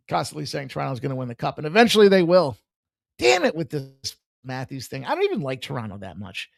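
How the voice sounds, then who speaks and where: A gravelly-voiced man hosts a live sports betting show, his pitch leaping up and down as he gets excited. He talks brash and profane, joking as he runs through his picks. The sound is dry and close, with no room echo. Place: room with a hockey banner on the wall.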